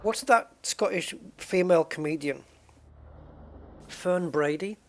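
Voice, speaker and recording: A man with a fairly high-pitched voice talks casually while he plays a game. He rambles from one thought to the next and often starts his sentences over. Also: takes it slowly. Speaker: game streamer. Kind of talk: casual chat while gaming.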